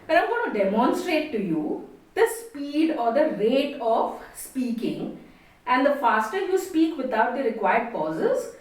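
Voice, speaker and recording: A woman with an Indian accent teaching a communication lesson. She stresses her words deliberately and expressively. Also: high-pitched. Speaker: communication trainer. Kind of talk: spoken lesson. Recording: echoey room, distant mic.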